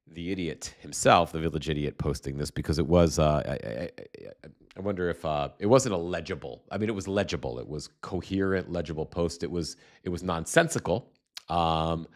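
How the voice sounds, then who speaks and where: A man hosting a casual live political commentary stream, sarcastic and rambling with restarts, still getting over a cold with a slight cough. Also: low-pitched. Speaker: livestream host.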